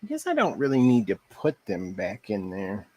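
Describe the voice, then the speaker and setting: A man's voice: on the low side, wildly swooping pitch, moderate pace, dark tone, husky. A man with a Texas twang, chatting casually with viewers while painting on a crafts live stream. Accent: Texan.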